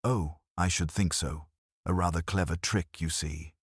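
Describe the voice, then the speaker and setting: A man's voice: low voice, steady tone, unhurried, slightly rough, no room sound, studio quality, exaggerated voice. A man voicing an elderly woman sleuth who speaks in a light, pleasant, conversational way. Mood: pleasant, probing. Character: elderly woman sleuth, gentle, shrewd, unruffled.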